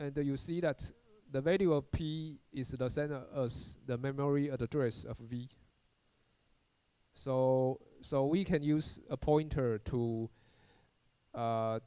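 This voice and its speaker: In a recorded university programming lecture, a man explains haltingly, often repeating words and restarting with "uh." His mid-range voice is steady, dark, clear and resonant, with no room sound.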